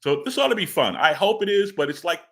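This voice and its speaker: Bright-voiced man rambling in an interview. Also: sits high, lively intonation, quick pace. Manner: rambling, stammering with frequent repeated words and laughs. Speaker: comic book writer interviewed as guest. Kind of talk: casual interview chat.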